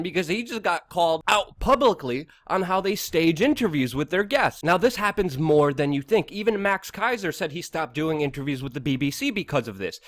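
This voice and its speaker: A young man hosting his own vlog, telling a personal story in an animated way and acting out the people he quotes. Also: fairly high pitch, no echo, clean studio sound. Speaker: independent journalist host.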